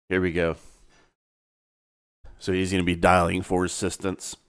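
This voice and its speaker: A man working as a content creator, dictating scene descriptions in a halting way with fillers and pauses, then chatting casually. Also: low voice, monotone, clean tone.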